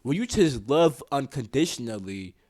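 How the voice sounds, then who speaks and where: A man's voice: medium pitch, big pitch swings, moderate pace, darkish tone, breathy edge, no room sound, poor audio. A young man giving a casual spiritual talk, slangy and swearing, often asking "you know what I'm saying". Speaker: spiritual teacher.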